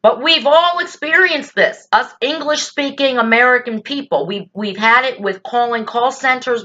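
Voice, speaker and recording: A woman's voice: on the high side, sharp tone, highs cut off. Blunt, exasperated woman vlogger. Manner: blunt, exasperated, with rhetorical questions and swearing. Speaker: political vlogger. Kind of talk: indignant political commentary.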